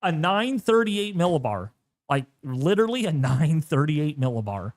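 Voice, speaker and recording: A man hosting a live weather stream, giving animated, jokey commentary full of exclamations. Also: on the high side, normal speed, dry recording.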